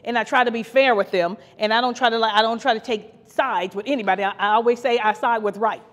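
A woman's voice: on the high side, steady tone, quick pace, a bit bright. A woman co-pastor from Ohio preaching a fervent podcast sermon, repeating her phrases and laughing now and then. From Ohio, USA. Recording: long hall reverb.

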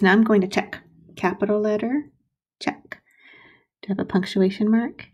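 A woman teaching first graders to write sentences, modeling slowly and sounding out syllables with patience. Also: medium pitch, warm tone, husky. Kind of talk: recorded writing lesson for young children.

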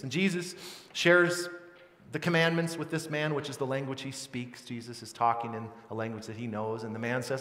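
A middle-aged man preaching a sermon as pastor, earnest and conversational, acting out lively quoted voices. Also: mid-range voice, fairly quick. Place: large church hall. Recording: roomy church hall with long reverb.

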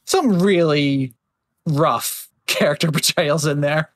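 A man hosts a casual podcast conversation in a slightly raised voice. He rambles in a relaxed way with many fillers and drops into quick mocking voices. The sound is dry and close, with no room to it. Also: fairly high pitch, no room sound. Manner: chatty, filler-heavy, slips into mocking voices. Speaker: podcast host. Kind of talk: casual chat.

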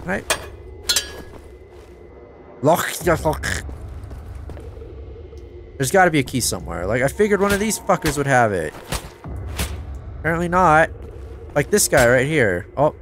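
A man giving casual let's-play commentary, excitable, talking to himself and swearing, with sudden yelps of surprise. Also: fairly high pitch, a little slow, long pauses, soft background music. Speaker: gameplay commentator.

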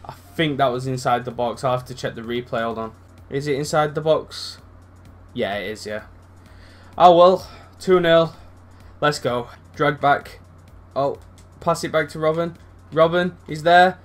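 A young man commentating his own football video game matches, excitable and rambling, swearing freely and shouting at big moments. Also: on the high side, measured pace, long pauses. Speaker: gaming channel host. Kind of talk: live gameplay commentary.

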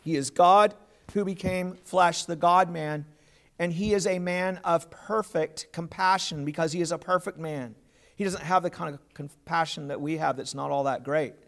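High, gravelly-voiced male pastor preaching. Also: steady tone, moderate pace, fairly bright tone. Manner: earnest preaching with rhetorical questions to the congregation. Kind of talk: sermon.

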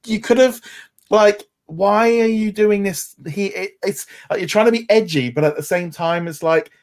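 A man's voice: high voice, moderate pace. A man from England co-hosting a podcast, talking casually in a rambling way with many restarts. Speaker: podcast co-host. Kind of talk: casual chat.

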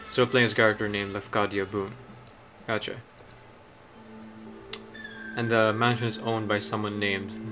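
A man's voice: fairly low pitch, level tone, normal speed, long pauses, music in the background. A man streaming a game in casual commentary, thinking aloud with many ums and uhs.

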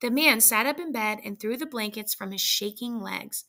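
Bright gravelly woman reading a story. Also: a little high, expressive. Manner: measured storytelling. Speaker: reader. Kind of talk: story read aloud.

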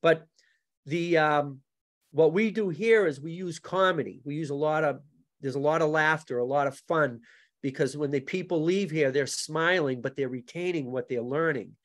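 A man's voice: on the high side, moderate pace. A man who is a martial arts instructor and guest on a podcast, telling joking stories in casual chat and struggling to pronounce his R sounds. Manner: joking, anecdotal.

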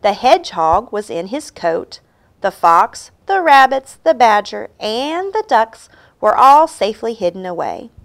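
A woman reading a children's picture book aloud in a slow, expressive, sing-song way. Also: on the high side, vocal fry. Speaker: storybook reader.

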